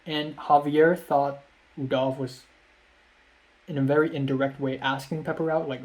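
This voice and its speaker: Young male vlogger, slightly high voice, rambling and self-deprecating, lots of ums. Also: little pitch movement, moderate pace, darkish tone. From Hong Kong. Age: young adult. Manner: rambling, repeats himself, many ums; self-deprecating, laughs at himself. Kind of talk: casual vlog storytelling.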